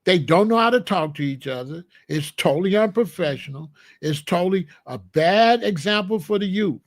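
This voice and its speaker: Man, high voice, dry close sound, blunt and scolding commentator delivering an opinion monologue. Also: animated, moderate pace, dry recording. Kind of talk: opinionated monologue to a live chat.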